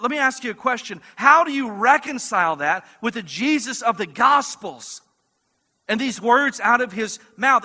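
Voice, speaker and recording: A man preaching a sermon as pastor, emphatic, often breaking in with "listen" and building to strong peaks. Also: very high voice. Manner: emphatic, repeats "listen", rising to forceful peaks. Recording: hall reverb.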